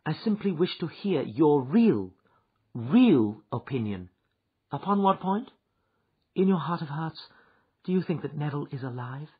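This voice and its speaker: A man reading an audiobook, voicing an anxious, eager Victorian wife who presses with insistent questions, his voice raised high. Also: sing-song, a little slow, long pauses, breathy edge, heavily acted. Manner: pleading and insistent. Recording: dull lo-fi recording.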